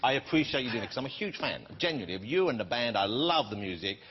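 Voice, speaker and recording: A man's voice: mid-range voice, sing-song, noisy background. A middle-aged man hosting a talk show, playful and jokey, teasing his guest. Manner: playful, jokey, quick, often laughing. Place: TV studio with live audience. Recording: dull TV sound with loud studio audience.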